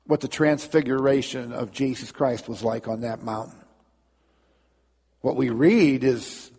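Husky pastor preaching in an echoing church. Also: male voice, on the high side, darkish tone. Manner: conversational storytelling with fillers. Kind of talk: sermon. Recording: long reverb in a church.

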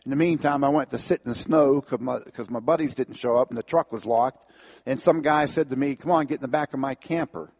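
A man's voice: medium pitch, brisk, a little mellow. A middle-aged man giving an earnest personal testimony to an audience, with his voice swelling at the key moments.

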